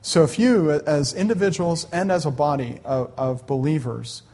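A middle-aged man preaching a conversational sermon in a church sanctuary, folksy and animated, with joking asides to the congregation. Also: a little high, moderate pace. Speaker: pastor.

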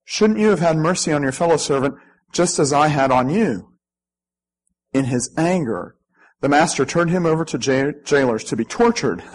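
A man delivers a sermon as a pastor, his voice sitting a little high with a husky grain. He reads scripture dramatically and speaks straight to his congregation. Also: poor audio. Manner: animated preaching with dramatic scripture reading.

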